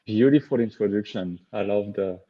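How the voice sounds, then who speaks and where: A man's voice: on the low side, normal speed, dull audio. A man in his thirties from France, speaking English with a French accent as an interview guest, earnest and upbeat as he tells his story. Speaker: guest, leadership coach.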